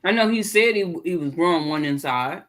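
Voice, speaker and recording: A woman's voice: on the low side, expressive, brisk, a bit bright. A woman talking casually as a guest about her garden, easygoing and savoring the food with "mm" sounds. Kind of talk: casual chat.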